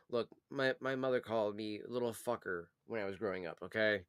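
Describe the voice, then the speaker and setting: A man's voice: on the low side, fairly even intonation, quick pace, clear, resonant tone, no room sound, clean studio sound. A young man, hosting his channel, chatting casually, laughing often and swearing freely. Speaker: channel host. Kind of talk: casual chat.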